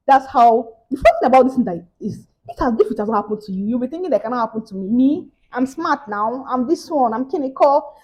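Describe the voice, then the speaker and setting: A woman's voice: high voice, big pitch swings, moderate pace, darkish tone, poor audio. A young Nigerian woman with a Nigerian accent, telling a story in a casual vlog and acting out the other people's voices. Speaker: vlogger.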